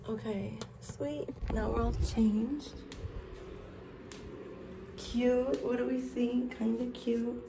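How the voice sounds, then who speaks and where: Gravelly young woman in an echoey room. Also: a little high, steady tone, extremely slow, pauses often, noisy background. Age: early 20s. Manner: rambling, profane, blunt. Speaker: vlogger. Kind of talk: get-ready-with-me chat. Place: at home, getting ready. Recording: echoey room, distant mic.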